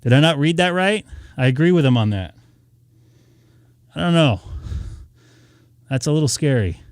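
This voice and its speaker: A man's voice: on the high side, lively intonation, moderate pace, long pauses, no room sound, clean studio sound. A man from Southern California chatting casually on a live stream, reading out and answering viewer comments in a rambling way. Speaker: live streamer, ham radio operator.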